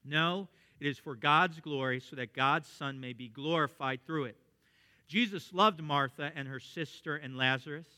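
A man preaching a sermon, reading scripture and speaking earnestly and with emphasis, sometimes dropping into quieter asides. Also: on the high side, moderate pace. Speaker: pastor.

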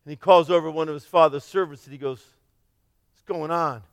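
High-voiced preacher swinging loud to soft. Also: male voice, fairly even intonation, quick pace, smooth, no echo. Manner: dramatic, swings from loud shouts to near-whispers; acts out the parable's characters in his own voice. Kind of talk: sermon.

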